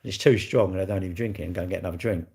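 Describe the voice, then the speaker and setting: Sixties male streamer, gravelly and low, rambling casual chat full of tag questions. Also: rapid-fire, dark tone. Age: 60s. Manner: rambling, chatty, ends lines with tag questions. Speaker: live streamer. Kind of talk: casual chat answering viewer comments.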